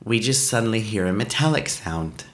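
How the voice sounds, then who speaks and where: A man casually telling a travel mishap story on a podcast, animated and poking fun at himself. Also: lowish voice, normal speed. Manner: animated, self-mocking, laughs at his own story. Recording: roomy echo.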